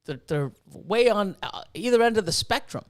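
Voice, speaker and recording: Excitable high-voiced man telling stories. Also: moderate pace. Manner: excitable, swears freely, acts out voices. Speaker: podcast guest. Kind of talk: casual storytelling.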